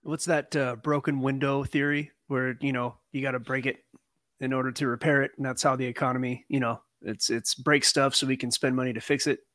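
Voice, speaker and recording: A man hosting a casual political podcast, talking in a relaxed, hesitant way with many fillers. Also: mid-range voice, a little fast, no echo. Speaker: podcast host.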